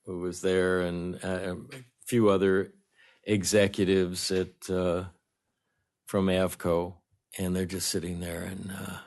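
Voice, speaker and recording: A man, a guest film director, telling anecdotes in a lively way and acting out the lines of the people in them. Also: deep voice, slow. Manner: animated storyteller, acts out dialogue. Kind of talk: anecdotal storytelling.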